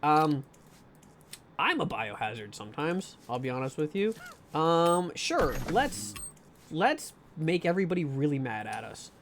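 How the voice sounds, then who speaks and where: A live streamer narrates a tense game to viewers with a lively, wide-ranging voice. Nervous laughs break in as they swear and plead again and again. A faint hiss sits behind the talk. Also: mid-range voice, a little slow. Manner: self-narrating with anxious laughs. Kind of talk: live gameplay commentary.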